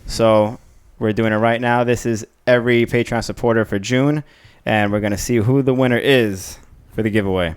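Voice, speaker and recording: A man's voice: medium pitch, steady tone, normal speed, clear, resonant tone. Casual cursing podcast host, a man. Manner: loose and profane, laughs often. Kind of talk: casual live podcast chat.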